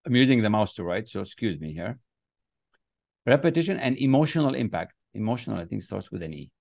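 This success coach's voice sits on the low side, gravelly and darkish, and he talks fairly quickly and very animatedly. Teaching a motivational class online while writing on screen with a mouse, he hammers home repeated phrases and chants affirmations. The sound is dry.

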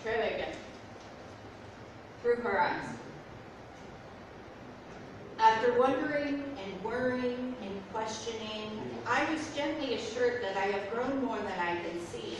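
Woman spoken-word poet, fairly high voice, chatty asides between poems, recorded far off in an echoing, noisy room. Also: normal speed, hardly any pauses. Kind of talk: poetry reading with casual asides. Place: art gallery, indoors. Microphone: far from the recording mic.

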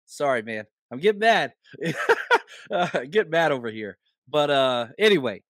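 A man hosting a sports podcast, ranting heatedly with swearing and sudden pitch jumps when he gets angry. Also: sing-song, moderate pace, fairly bright tone, dry recording, studio quality. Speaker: podcast host.

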